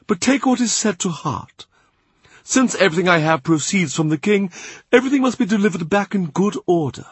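A man voicing a dignified older cardinal who speaks in a measured, wryly ironic way. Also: high voice, animated, husky, dry recording, voice pushed up. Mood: smoothing over. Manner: measured, drawn-out, dryly ironic. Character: dignified older male cardinal, wry and weary.

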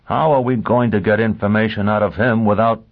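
A man voicing a vengeful, driven man who questions with calm ferocity. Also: fairly low pitch, fairly quick, narrow, tinny audio, voice pushed up. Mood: grim. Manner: cold, intense interrogation.

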